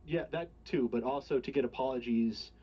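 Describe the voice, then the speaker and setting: Halting man running a tabletop game. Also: medium pitch, husky. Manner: halting, many fillers and restarts. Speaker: game master. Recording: dull lo-fi home mic.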